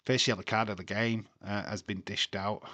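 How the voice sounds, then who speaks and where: A man's voice: lowish voice, little pitch movement, normal speed, bright, forceful tone, no room sound. A man streaming a live watchalong, chatting casually with crude jokes and frequent laughs. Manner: crude, jokey, laughs often.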